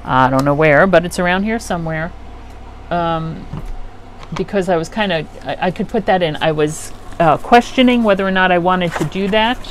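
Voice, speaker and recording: Her pitch is fairly low and her pace moderate as this middle-aged woman chats loosely on her craft channel, often leaving thoughts unfinished while she works at home. A running air conditioner in the craft room adds a faint hum.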